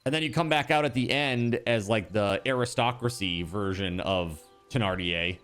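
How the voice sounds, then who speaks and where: A man casually chatting to his viewers while he plays a game, animated and rambling, with many fillers and restarts. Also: lowish voice, normal speed, clean tone, soft background music. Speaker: streamer.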